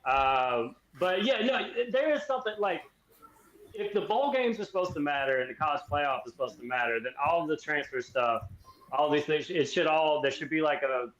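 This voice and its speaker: A man's voice: fairly high pitch, animated, moderate pace, a bit bright. A man from Louisiana, a podcast guest, talking in a rambling, casual way with lots of fillers and some mocking. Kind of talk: casual chat. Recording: roomy, muffled remote audio.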